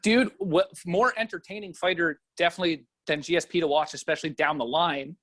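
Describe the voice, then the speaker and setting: A man's voice: on the high side, fairly even intonation, a little fast, fairly bright tone, no room sound. A young Canadian man, a comedian guest, telling stories in a rambling, profane way on a casual podcast.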